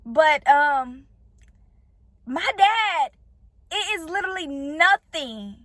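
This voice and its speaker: A woman's voice: high-pitched, lively intonation, slow, a bit bright, no echo. A woman giving an earnest, faith-based motivational talk to camera, addressing her viewers directly. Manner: earnest, preachy, speaks straight to viewers. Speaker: vlogger giving encouragement.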